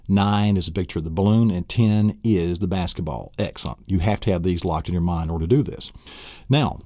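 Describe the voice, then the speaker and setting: A man's voice: low-pitched, warm tone, dry recording, clean studio sound. A man teaching a recorded memory course, enthusiastic and fond of acting out vivid mental pictures. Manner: enthusiastic, acts out vivid scenes. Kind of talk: recorded lesson.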